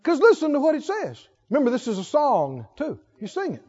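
A man's voice: extremely high pitch, wildly swooping pitch, fairly quick, darkish tone, in a large hall, dull audio. A man preaching a sermon, drawing out phrases, singing lines and leading the congregation in call-and-response. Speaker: pastor.

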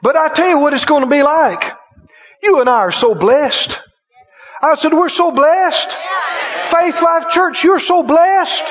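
A man preaching a sermon with exuberant energy, breaking into shouted exclamations. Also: extremely high pitch, measured pace, background noise. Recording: dull lo-fi sound.

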